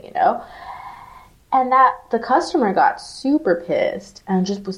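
A woman co-hosting a podcast, telling an animated, profanity-laced story full of "like" fillers in casual chat. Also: on the high side, brisk. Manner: animated, swearing, lots of "like" fillers. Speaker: podcast co-host.

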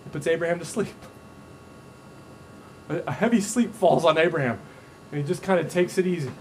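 A male pastor preaching a sermon to a congregation, animated and playful, acting out the voices in his stories. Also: fairly high pitch, fairly quick, slight background noise. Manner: animated, acts out quoted voices with humor. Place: church stage before a congregation.

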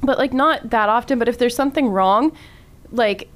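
Laughing woman telling a story, fairly high. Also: moderate pace. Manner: animated storyteller, laughing often. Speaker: radio show co-host. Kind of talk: casual studio chat. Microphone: studio microphone.

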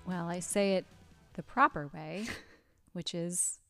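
A young woman from Ohio, a therapist co-hosting a podcast, chatting in an animated, self-mocking way and laughing a lot. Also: lowish voice, takes it slowly, dry recording, studio quality, soft background music. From small town near Cincinnati, Ohio. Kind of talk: casual chat.

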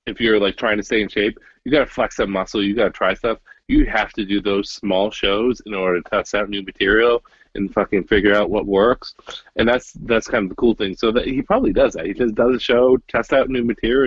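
A young man talks fast and loose on a podcast, swearing freely and restarting sentences. His voice is husky and the close, dry recording sounds dull and lo-fi. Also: lowish voice, steady tone, dry recording. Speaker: podcast co-host. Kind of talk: casual chat.

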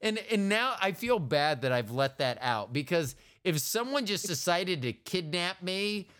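Animated joking man in his fifties. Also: sits high, unhurried, clean tone. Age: 50s. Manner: joking, animated, puts on silly voices. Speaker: podcast host. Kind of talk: casual comedic chat.

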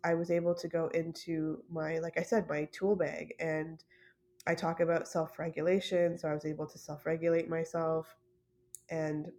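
A woman with a low, fairly monotone voice tells a personal story on her podcast. She speaks softly and hesitantly, pausing on fillers and restarting her sentences. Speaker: podcast host.

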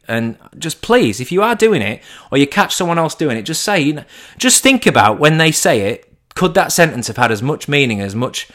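Man, chatty monologue host, swears freely, slips into quick impressions of people on the phone. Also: medium pitch. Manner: animated, swearing, acts out mock phone calls. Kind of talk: casual monologue.

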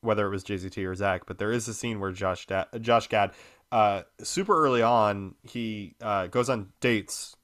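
A man talks casually on a podcast, circling his point with many fillers and false starts. His voice sits on the lower side but comes across bright and forceful. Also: fairly even intonation. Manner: rambling, halting, many fillers and restarts. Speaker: podcast guest.

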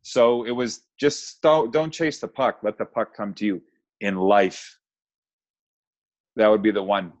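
A man's voice: on the low side, fairly even intonation, a little slow, pauses often. A middle-aged man talking candidly as a podcast guest, telling stories about his past with self-deprecating honesty. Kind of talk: casual podcast interview. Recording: dull lo-fi sound.

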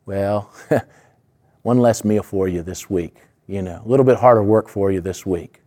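A man's voice: on the low side, a little slow, warm tone, natural voice. A man voicing a cruel prison guard who mocks and threatens a prisoner. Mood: mocking.

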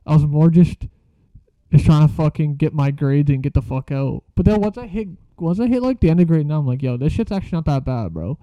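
A man's voice: a little high, brisk, dry recording, muffled recording. A young man telling a rambling story in a casual, slangy way, swearing a lot.

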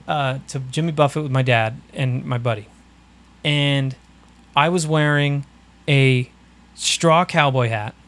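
A man's voice: medium pitch, a bit bright. A man in his early thirties hosting a podcast, telling stories in casual chat with a laid-back manner and frequent laughs. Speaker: podcast host.

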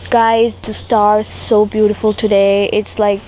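A woman's voice: mid-range voice, a little slow, a little hiss or hum. Chatty young woman venting. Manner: animated, swears casually, acts out quoted voices. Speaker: vlogger. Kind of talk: rambling storytime vlog. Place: rooftop at night.

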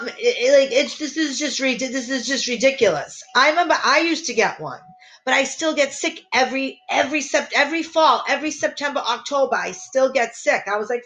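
A woman's voice: high voice, lively intonation, moderate pace, fairly bright tone, rough recording. A woman in her thirties hosts a casual podcast and rants at her listeners. Her delivery is fiery and profane, and she rambles, breaks off and restarts her sentences over and over. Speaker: podcast host.

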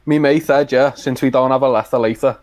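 A man chatting as co-host of a fan podcast, spinning long rambling anecdotes. His voice sits at an ordinary middle pitch. The recording is dry and close, with no room sound. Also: steady tone, brisk, a little mellow, no echo. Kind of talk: casual fan chat.

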